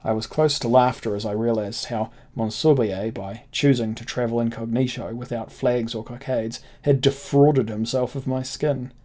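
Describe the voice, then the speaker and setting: A man's voice: medium pitch, fairly even intonation, moderate pace, few pauses, dark tone. Man reading a first-person adventure tale. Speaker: narrator. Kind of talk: first-person audiobook narration.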